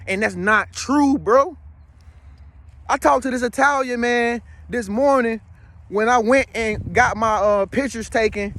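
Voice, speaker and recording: Speaking in a somewhat bright voice that sits high, this man addresses viewers in a loose, wandering monologue with no echo. As a spiritual vlogger he comes across as streetwise and emphatic, full of slang, repeatedly checking in with his audience.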